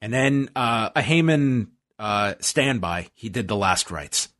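A man's voice: on the low side, lively intonation, slow, a bit bright, no echo. A man co-hosting a casual podcast, recapping events step by step with dry asides. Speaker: podcast co-host recapping wrestling. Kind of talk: casual chat.

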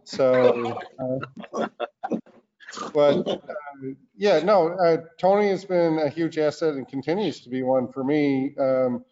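A man speaking as a senator guest in an interview, in a deliberate, earnest way. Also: fairly high pitch, mellow. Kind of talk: political interview talk. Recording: dull lo-fi sound.

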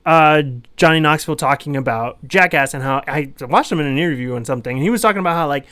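A man's voice: a little high, quick pace, bright, forceful tone, smooth. A man co-hosting a podcast in casual chat, laid-back and slangy. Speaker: podcast co-host.

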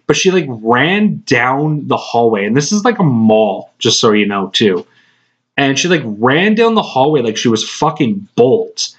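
With a medium-pitched voice that has a breathy edge, this podcast host is very animated yet a little slow. He rambles through a story from work, cursing a lot and laughing between phrases, and the lo-fi podcast audio is slightly dull.

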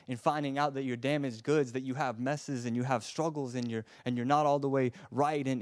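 A man preaching a sermon with passion, swinging from loud urging to a soft hush and often stammering and repeating words. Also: mid-range voice, no echo, studio quality.

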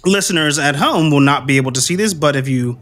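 Bright-voiced man running a tabletop game. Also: on the high side, quick pace. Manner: relaxed storytelling with frequent fillers and laughs. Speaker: game master.

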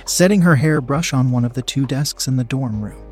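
Husky man narrating an erotic story. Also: mid-range voice, moderate pace, faint music behind.

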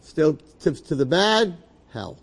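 A solemn old bearded judge in heaven, voiced by a man telling the story, explaining calmly and deliberately. The delivery is measured and a little hushed. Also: fairly high pitch, vocal fry, husky, pitched above the performer's own voice, exaggerated voice.

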